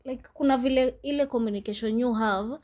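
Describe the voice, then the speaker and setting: A woman's voice: fairly high pitch, a little fast, darkish tone. Young Kenyan woman, casual podcast chat. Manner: reflective, acts out quoted people. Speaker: podcast co-host.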